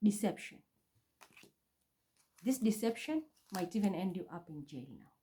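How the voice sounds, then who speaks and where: A woman's voice: medium pitch, sing-song, unhurried, dark tone, slight background noise. A woman vlogging from home in an intense, accusatory, repetitive monologue. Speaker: spiritual reader vlogger. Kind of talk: agitated monologue to camera. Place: her home.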